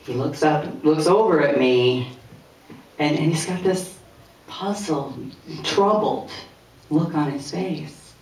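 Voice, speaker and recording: A man performing stand-up comedy, telling anecdotes in a loose, conversational way with filler pauses. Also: on the high side, darkish tone, a little hiss or hum. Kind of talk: stand-up storytelling. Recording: echoey room heard from a distance.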